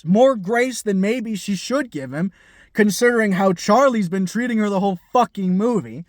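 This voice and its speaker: Guy doing a sweary film review vlog, high voice, keeps restarting, dry close sound. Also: no room sound. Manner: emphatic, profane, many restarts.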